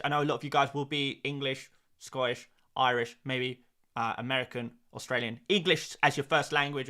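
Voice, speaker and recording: A young man hosting a casual live-stream Q&A, talking in a fairly high voice. He chats loosely and repeats himself, with plenty of fillers and restarts. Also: fairly bright tone. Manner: chatty, repeats phrases, frequent fillers and restarts. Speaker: host of a fantasy football live stream.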